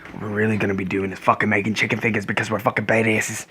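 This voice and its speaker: A man's voice: lowish voice, little pitch movement, racing. A man in a home kitchen giving a crude, profane, mock-serious cooking demonstration. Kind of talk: crude joking cooking demo. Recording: echoey kitchen with loud frying noise.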